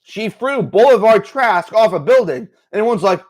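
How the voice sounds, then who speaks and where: Excitable male livestream host, slightly higher voice, lively swinging pitch, full of fillers. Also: normal speed. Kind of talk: casual livestream commentary.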